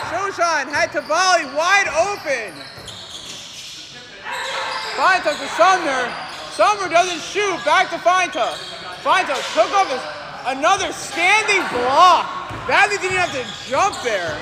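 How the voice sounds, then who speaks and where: A man doing live play-by-play for a league basketball game, excited and chatty, in an indoor gym. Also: very high voice, slow pace, noisy background. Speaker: play-by-play commentator.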